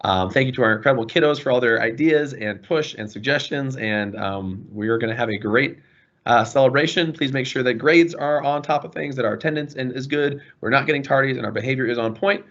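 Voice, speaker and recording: Over a video call with the highs cut off, a school administrator runs an online information session for parents. His medium-pitched voice is brisk, and he answers questions earnestly and apologetically, warm toward students.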